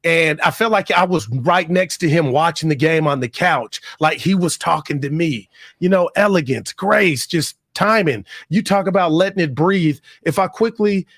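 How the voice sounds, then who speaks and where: A man co-hosting sports radio with loose, slangy banter. His voice sits a little high, and the sound is close and dry with no room around it. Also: moderate pace, hardly any pauses, fairly bright tone, no echo. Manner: slangy, laid-back banter. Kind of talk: casual sports radio talk.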